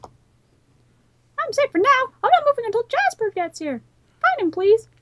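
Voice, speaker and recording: A woman voicing a panicked young woman in a video game, pleading in a shrill, urgent voice. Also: big pitch swings, a little slow, full character voice. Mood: frantic pleading.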